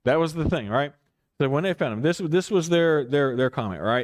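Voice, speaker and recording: A man's voice: fairly high pitch, expressive, a little slow. A man leading a casual Bible study as pastor, rambling and correcting himself with chuckling asides.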